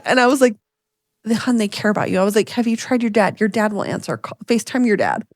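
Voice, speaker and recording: Recorded in clean studio sound without echo, this podcast co-host talks fast. In her forties, she shares a story during casual chat, animatedly performing the quoted lines with large pitch leaps.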